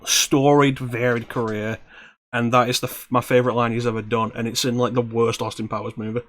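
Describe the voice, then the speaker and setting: A man's voice: mid-range voice, little pitch movement, a little fast, a bit bright. A man co-hosting a casual streamed chat, wry and joking as he plans a script reading. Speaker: podcast co-host.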